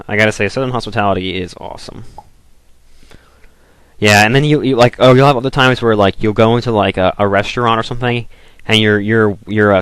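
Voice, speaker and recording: A young man in college rambles through casual game commentary, every other phrase padded with "like" and restarts. His voice sits low, and the recording is dry and close with no room sound. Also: a bit bright, no room sound. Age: young adult. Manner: rambling, filler-heavy, lots of "like". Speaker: let's play commentator.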